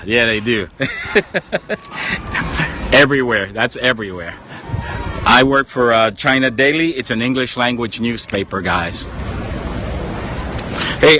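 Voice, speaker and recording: A man's voice: mid-range voice, noisy background. An American man casually chatting on a phone live stream from outdoor ruins, greeting viewers and laughing often. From United States. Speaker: journalist livestreaming. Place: outdoors at palace ruins with people around. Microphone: phone on a tripod.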